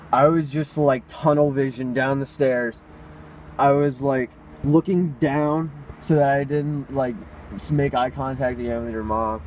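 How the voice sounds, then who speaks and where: A man's voice: mid-range voice, a little hiss or hum, poor audio. A teenage man co-hosting a podcast, telling a story in a run-on, casual way, with swearing. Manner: breathless run-on narration, profane. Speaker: podcast co-host.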